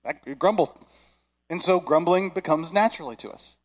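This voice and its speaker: Male pastor, thirties, chatty and animated sermon delivery, a bit high-pitched. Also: normal speed. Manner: animated, conversational, acts out voices.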